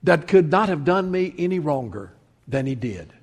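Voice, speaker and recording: A man preaching a sermon as pastor, telling a parable and swinging between loud emphasis and hushed, quiet lines. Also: fairly high pitch, big pitch swings, normal speed, vocal fry. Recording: long reverb of a large hall.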